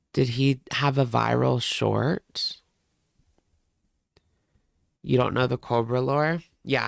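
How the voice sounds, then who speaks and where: A man's voice: medium pitch, creaky, dry recording, clean studio sound. A man hosting a reaction livestream, chatting casually with viewers in a rambling way.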